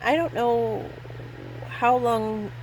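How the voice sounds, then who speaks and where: A woman's voice: fairly high pitch, extremely slow, darkish tone, slight background noise, low-quality recording. A woman in her fifties telling rambling personal stories in a casual vlog, self-deprecating and laughing often. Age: 50s. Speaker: vlogger.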